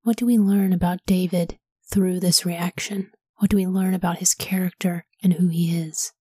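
Breathy woman hosting a whispered Bible reading. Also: lowish voice, steady tone, normal speed, no echo, clean studio sound. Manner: soft, whispery, asks reflective questions. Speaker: Bible podcast host.

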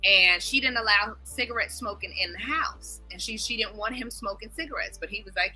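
A woman's voice: mid-range voice, fairly quick, hardly any pauses, sharp tone, soft background music, low-quality recording. A woman talking in a casual group discussion, emphatic and opinionated, telling family stories. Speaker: discussion panelist.

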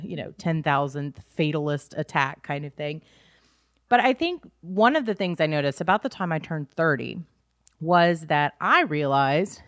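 A woman's voice: low-pitched, a bit bright, no echo, studio quality. A woman in her thirties co-hosting a podcast, chatting candidly with self-deprecating humor and frequent laughs. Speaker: podcast co-host. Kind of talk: casual chat.

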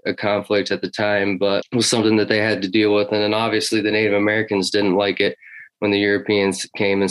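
A man's voice: on the low side, a bit bright, clear, resonant tone, low-quality recording. A man talking casually about hunting history in an interview, rambling with many fillers and restarts. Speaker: hunting guest.

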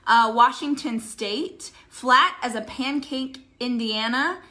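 An upbeat woman co-hosts a casual live stream from home, chatting and greeting viewers. Her voice sits a little high and sounds bright and forward. The room around her is echoey. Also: slow pace. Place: home in Texas.

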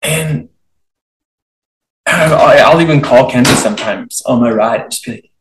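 Young male podcast host, set back from the mic in a roomy space, lively and chatty. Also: medium pitch, unhurried, far from the mic. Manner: animated, chatty, acts out inner thoughts. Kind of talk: casual conversational interview.

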